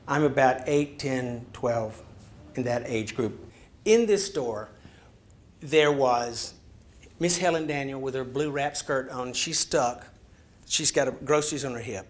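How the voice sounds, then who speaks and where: A man, telling a story in a lecture, acting it out animatedly and dropping to whispers. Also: medium pitch. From Georgia, USA. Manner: animated, acts out scenes, drops to a whisper. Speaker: storyteller giving a talk.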